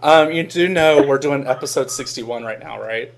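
A man's voice: medium pitch, moderate pace, a little hiss or hum. A man from Virginia hosting a podcast, telling stories in a casual chat and laughing often. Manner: animated storytelling, laughs often. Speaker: podcast host.

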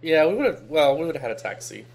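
A man co-hosting a podcast in relaxed, casual chat, mostly giving short replies and laughing easily. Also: fairly high pitch, brisk, vocal fry, a little hiss or hum. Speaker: podcast co-host.

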